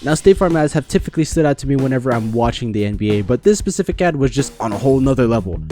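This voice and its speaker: A man's voice: mid-range voice, animated, rapid-fire, mellow, faint music behind. A young man giving casual, sarcastic commentary on a TV ad in a mock-serious tone. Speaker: video commentator.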